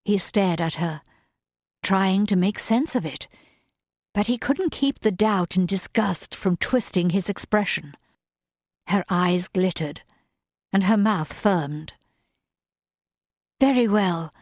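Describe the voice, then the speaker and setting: Slow, measured woman narrating a romance audiobook. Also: mid-range voice, a little mellow, dry recording, studio quality. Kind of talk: scripted narration.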